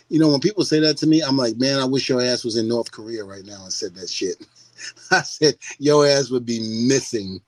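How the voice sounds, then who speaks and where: Middle-aged man, casual podcast chat, animated storytelling, laughs often, dry close mic. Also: medium pitch, brisk, no room sound, rough recording. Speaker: podcast guest.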